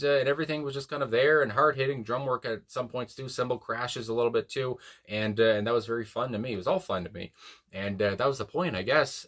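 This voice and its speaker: A man's voice: mid-range voice, a bit bright. A man hosting a casual music reaction, rambling with lots of fillers and restarts and the occasional swear. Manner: rambling, many fillers and restarts, laughs to himself.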